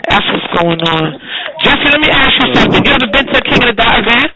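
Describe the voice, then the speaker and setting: A man on a radio call-in, chatting in a friendly, unhurried way. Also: very high-pitched, animated, heavy background noise. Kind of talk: casual radio call-in chat.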